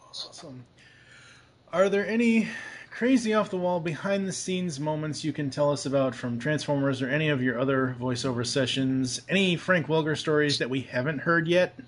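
A man's voice: a little high, normal speed. A male host eagerly asking a guest for behind-the-scenes stories and laughing along. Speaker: podcast host. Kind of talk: interview questions.

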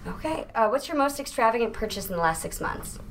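A woman from San Jose hosts a podcast, asking rapid-fire questions with frequent giggles. Her voice sits fairly high and bounces around a lot. Faint noise hums underneath. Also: sing-song. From San Jose, California. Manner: giggly, upbeat. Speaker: podcast host.

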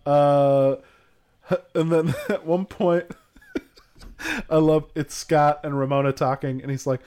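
A man's voice: fairly high pitch, slow pace, pauses often, clear, resonant tone. A man co-hosting a podcast, chatting casually about a movie, laughing often and acting out favorite lines. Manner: laughs often, quotes film lines in animated voices. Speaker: podcast co-host. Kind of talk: casual chat about a film.

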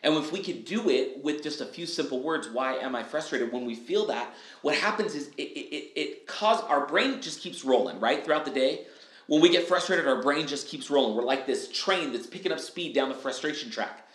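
A man talking on a podcast, lively and casual, who acts out little quoted lines in other voices. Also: on the high side, moderate pace, echoey room. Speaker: guest speaker. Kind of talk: energetic podcast interview.

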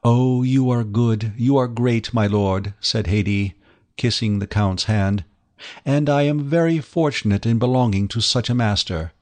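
A man's voice: medium pitch, unhurried, a little mellow, natural voice. A man voicing a young woman in an audiobook, telling a sorrowful story with earnest feeling. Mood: grieving.

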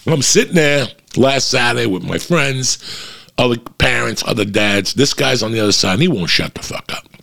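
Gravelly, profane New man. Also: mid-range voice, normal speed. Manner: profane, animated, rising to loud rants. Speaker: stand-up comedian. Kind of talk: profane stand-up storytelling.

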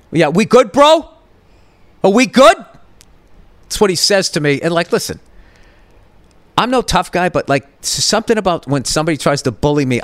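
A man's voice: fairly high pitch, a bit bright, clear, resonant tone, no room sound. Profane rambling middle-aged man. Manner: profane, rambling storyteller with many restarts. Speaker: podcast host. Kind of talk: rambling comedic monologue.

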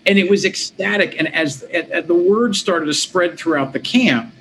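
A middle-aged man, an interview guest, telling his story in a lively, conversational way, with quick restarts and quoted voices. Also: high-pitched, slight background noise, low-quality recording. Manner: animated, quick restarts, quotes himself and others.

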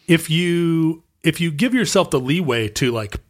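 A man's voice: fairly high pitch, lively intonation, measured pace. A man co-hosting a podcast, explaining things casually with lots of fillers and restarts. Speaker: podcast co-host. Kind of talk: casual chat.

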